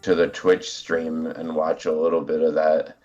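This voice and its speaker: A man's voice: a bass voice, unhurried, soft background music. A congested man chatting as a guest player on an online game stream, rambling and hesitant, heard through a phone on speaker. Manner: rambling, relaxed, hesitant with fillers. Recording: dull lo-fi phone speaker audio.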